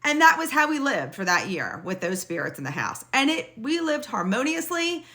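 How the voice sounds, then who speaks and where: A middle-aged woman casually telling a personal story in a blunt, lively way, swearing now and then. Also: sits high, normal speed.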